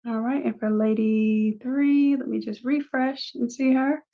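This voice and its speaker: Woman, design instructor, live class; casual and chatty, narrates each click; a bit high-pitched; muffled stream audio. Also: fairly even intonation, measured pace. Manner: casual, chatty, talks through each step. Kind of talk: live screen-share tutorial.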